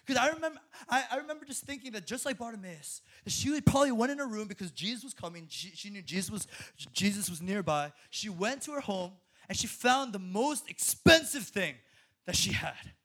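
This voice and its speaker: Young guy preaching, high voice, gets excited and trips over his words, laughs a lot. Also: fairly quick. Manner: animated, laughing often, repeats words when excited. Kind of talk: sermon.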